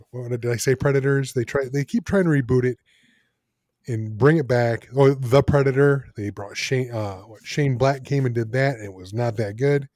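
A man's voice: medium pitch, darkish tone, no room sound, clean studio sound. Teasing man co-hosting a podcast. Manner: wry, teasing. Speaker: podcast co-host. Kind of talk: casual chat.

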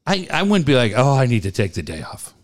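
A man's voice: medium pitch, big pitch swings, quick pace. A man in his forties telling a long family story in casual chat, laughing often and repeating "I go".

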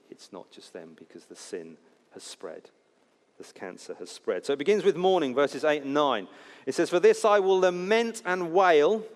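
A man preaching an expository sermon in a conversational way, with jokey asides, swinging between loud emphasis and hushed, low passages. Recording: long hall reverb.

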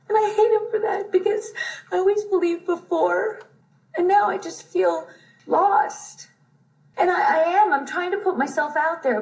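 A woman's voice: sits high, darkish tone, low-quality recording. A hesitant, heartbroken woman. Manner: hesitant, halting, vulnerable. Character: hopeless newly divorced woman seeking love. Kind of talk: TV series acting.

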